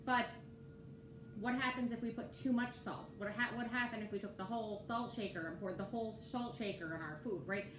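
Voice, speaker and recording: A woman preaching a casual sermon, talking conversationally and often checking in with her listeners. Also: a little fast. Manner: conversational, keeps asking "right?" to the listeners. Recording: roomy echo with faint rumble.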